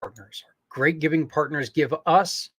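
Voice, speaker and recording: A man's voice: on the high side, measured pace, a bit bright, breathy edge, no echo. A man hosting a podcast, making an earnest, rambling appeal to listeners, with many fillers and restarts. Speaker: podcast host.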